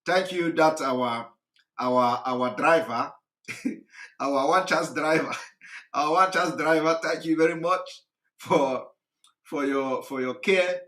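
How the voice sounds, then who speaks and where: A hoarse man, hosting a live address, talking repetitively with laughs and emphasis. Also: fairly high pitch, slow, pauses often, fairly bright tone, roomy sound. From Nigeria. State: hoarse, recovering voice. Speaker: host of a live broadcast.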